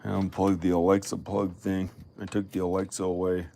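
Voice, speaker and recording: A man's voice: deep voice, monotone, a little fast, warm tone, a little hiss or hum. A man vlogging at home, rambling and musing aloud to himself in a casual monologue. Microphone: filming himself on camera.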